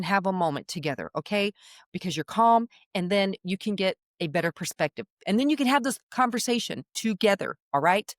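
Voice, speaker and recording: A middle-aged woman talks to parents like a coach, animated and chatty, with constant check-ins of "okay?" and "all right?". Her voice sits at an ordinary middle pitch. The sound is close and dry, with no room echo. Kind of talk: direct-to-camera advice talk.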